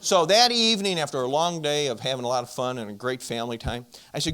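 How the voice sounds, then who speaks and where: A man speaking at a marriage conference, telling a self-deprecating story and addressing the audience with direct questions, his volume swinging from loud to hushed. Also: medium pitch, expressive, fast. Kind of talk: storytelling Christian talk.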